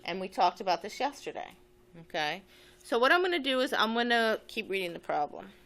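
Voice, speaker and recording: A woman's voice: medium pitch, big pitch swings, fairly quick, fairly bright tone. A woman teaching physics, talking methodically through a problem as she writes and draws. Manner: methodical, thinks aloud while writing. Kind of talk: step-by-step physics lesson.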